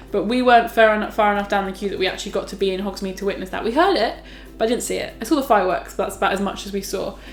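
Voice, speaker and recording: A woman's voice: mid-range voice, roomy sound. A young woman, telling stories casually as a vlogger, chatty and full of fillers. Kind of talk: casual storytelling.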